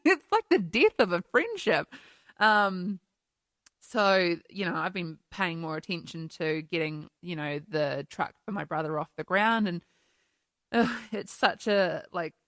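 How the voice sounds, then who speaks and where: A woman's voice: on the low side, fairly bright tone, dry recording, clean studio sound. Candid, emotional woman podcast host. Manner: candid and emotional, laughs often, swears casually. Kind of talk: casual solo podcast chat. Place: New Zealand home.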